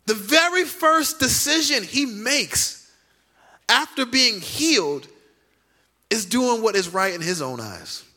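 A man's voice: extremely high pitch, big pitch swings, slow, bright, forceful tone. A male pastor preaching a sermon emphatically, repeating key lines and acting out quoted voices.

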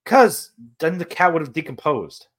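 A man's voice: a little high, very animated, moderate pace. Rambling young man, casual podcast chat. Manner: rambling hypotheticals, lots of "like". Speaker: podcast co-host.

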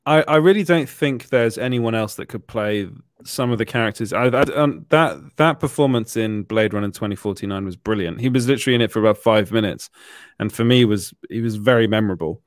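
A British man hosting a casual podcast chat, giggly and full of quick restarts. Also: on the low side, dry recording, studio quality. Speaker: podcast host.

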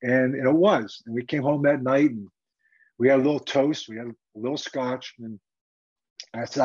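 A man who is a former football coach and TV analyst, telling a story in an animated, conversational interview with frequent fillers. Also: medium pitch, normal speed, husky. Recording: dull lo-fi sound.

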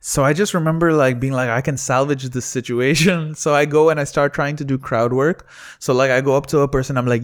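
A man telling a lively story in casual chat, acting out quotes and laughing often. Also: mid-range voice, brisk. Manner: animated, laughing storyteller who acts out quotes. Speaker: comedy producer and comedian.

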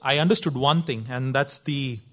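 A man's voice: mid-range voice, moderate pace, a bit bright. A man preacher giving a sermon, telling a story in an earnest, emphatic way.

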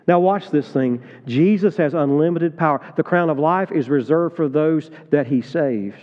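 A middle-aged man preaching a sermon, swinging between loud urgent appeals and low, tender confiding. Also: unhurried, in a large hall, highs cut off. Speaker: pastor. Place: church sanctuary.

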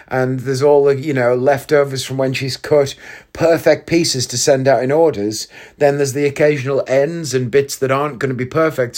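A man's voice: medium pitch, darkish tone. A man hosting a casual solo podcast, chatty and self-mocking, laughing at his own jokes. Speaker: podcast host.

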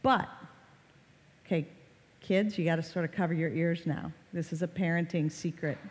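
A woman's voice: on the low side, fairly even intonation, normal speed, darkish tone. Woman speaker giving an online-safety talk in a hall. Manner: conversational, acts out short quoted lines. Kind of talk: talk to parents. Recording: reverberant hall.

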